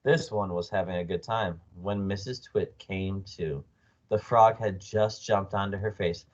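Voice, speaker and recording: A man reading a children's book aloud as storyteller, expressive with small slips. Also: low-pitched, measured pace, lo-fi sound. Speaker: storyteller, read-aloud narrator.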